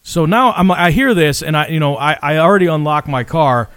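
A man's voice: on the high side, brisk, clear, resonant tone, no echo. A man telling a story in casual chat, swearing freely and acting out what people said. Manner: profane, animated, acts out quotes. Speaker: podcast co-host telling a story.

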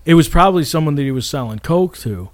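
A man's voice: a little high, fast talker. A young man from Florida telling a rambling story on a podcast, swearing often and acting out other people's lines. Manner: swears a lot, animated, acts out quotes with shouts. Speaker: podcast co-host. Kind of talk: casual storytelling.

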